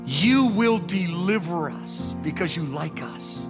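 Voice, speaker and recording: A man preaching a sermon with passion, moving between loud urgings and soft, hushed prayer. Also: high-pitched, expressive, slow, hardly any pauses, music in the background.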